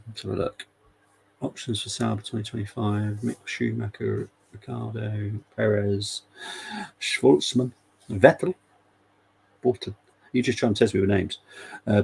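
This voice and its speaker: Guy doing a live match watchalong, wry and jokey, crackly low voice. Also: steady tone, measured pace, creaky, darkish tone, breathy edge. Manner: casual, wry, laughs often. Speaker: fan channel host. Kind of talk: live football watchalong commentary.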